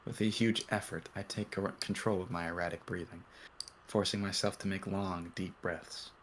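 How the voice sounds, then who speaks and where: A young man reading first-person narration from a visual novel aloud on a group stream, earnest and measured, with small slips. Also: low voice, steady tone, a little hiss or hum. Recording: music clearly audible behind.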